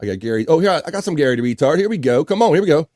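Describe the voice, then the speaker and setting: A man's voice: a little high, very fast, dry recording, clean studio sound. A man hosting a live stream show, casually reading out viewer comments with jokes and frequent laughter. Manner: animated and jokey, laughs often. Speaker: livestream show host.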